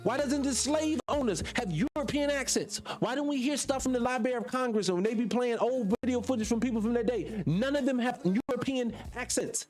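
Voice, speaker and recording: A man's voice: very high voice, brisk, few pauses, darkish tone, faint music behind. Emphatic man hosting a commentary monologue. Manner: emphatic, rhetorical questions, addresses viewers directly. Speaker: channel host.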